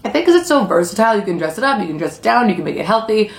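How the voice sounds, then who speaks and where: A woman's voice: mid-range voice, very animated, rapid-fire, gravelly. A young adult woman chatting casually on camera while eating, rambling through a story with lots of fillers and swearing. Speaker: vlogger.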